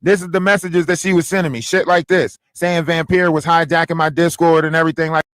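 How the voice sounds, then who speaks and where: A man with a notably high speaking voice, chatting on a livestream. He is loose and profane and hammers the same lines for emphasis, with a close, dry sound. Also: fast, dry recording. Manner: animated, profane, repeats phrases for emphasis. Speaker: livestream co-host. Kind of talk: casual livestream commentary.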